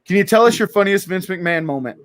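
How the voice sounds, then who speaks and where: A man's voice: high voice, expressive, fast talker. A young adult man hosting an interview, wrapping up a question and telling viewers about a giveaway. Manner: friendly, direct to viewers. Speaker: host. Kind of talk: interview and livestream promo.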